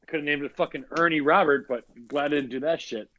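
A man in casual podcast chat among friends, teasing loudly and sometimes shouting. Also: fairly high pitch, fast talker, poor audio. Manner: loud teasing, jumps to shouting.

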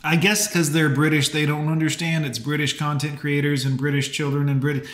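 A man's voice: a little high, level tone, brisk, hardly any pauses, fairly bright tone, reverberant. Chatty man hosting a live stream. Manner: chatty, rambling, lots of fillers. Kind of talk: casual live-stream commentary. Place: home.

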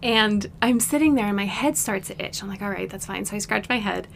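A woman co-hosting a casual podcast, telling a story in an animated way and acting out what people said. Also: mid-range voice, fairly quick, vocal fry, slight background noise. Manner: animated storytelling, acts out quotes. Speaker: podcast co-host. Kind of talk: casual chat.

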